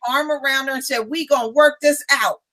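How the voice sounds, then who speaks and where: Chatty woman host, slightly high voice. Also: fairly even intonation, fairly bright tone. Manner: chatty storyteller, lifts pitch to act out quotes; quick affirming backchannel. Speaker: live stream host. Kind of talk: casual chat.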